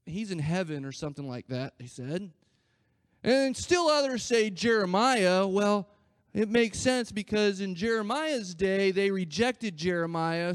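A man preaching a sermon, acting out scripture quotes in a conversational way and swinging between loud emphasis and quiet asides. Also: high voice, clean tone, no echo. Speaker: pastor.

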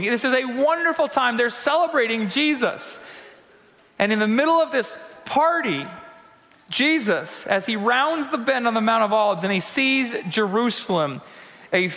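A male pastor preaching a conversational sermon in a church, acting out quotes and slowing down for emphasis. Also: extremely high pitch, pushed and bright, long reverb tail. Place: church sanctuary.

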